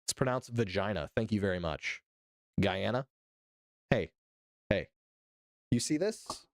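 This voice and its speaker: Sarcastic, profane male streamer with a lively voice. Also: lowish voice, a little slow, dry recording, clean studio sound. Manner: profane, sarcastic, swings into mock outrage. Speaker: livestream host. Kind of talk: casual livestream commentary, reading news aloud.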